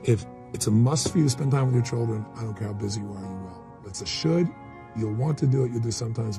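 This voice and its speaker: A man's voice: medium pitch, mellow, breathy edge. A man speaking as a motivational speaker in a candid interview, blunt and full of stories, acting out quotes. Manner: storytelling, blunt, acts out quotes.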